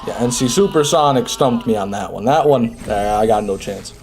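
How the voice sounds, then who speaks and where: A streamer chats casually over live gameplay, reading viewer messages and answering them as he plays. His voice is medium in pitch and darkish in tone, and he talks at a normal speed.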